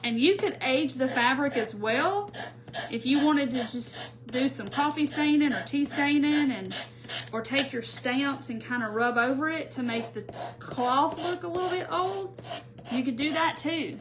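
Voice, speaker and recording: A woman's voice: sits high, a little slow, noisy background. A woman hosting a live crafting tutorial, chatting casually and greeting viewers by name as she works. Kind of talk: live-stream crafting chat.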